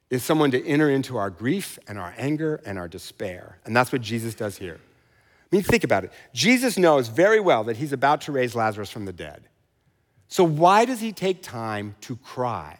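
A middle-aged male pastor delivering a sermon in a lively, playful way, with quick asides and mock voices. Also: on the high side, big-room sound.

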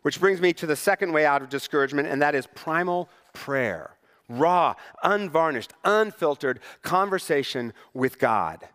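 A man's voice: a little high, animated, normal speed, fairly bright tone, clean tone, long reverb tail. Wry, conversational man preaching a sermon. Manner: conversational, wry humor with rhetorical questions. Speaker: pastor. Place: church sanctuary.

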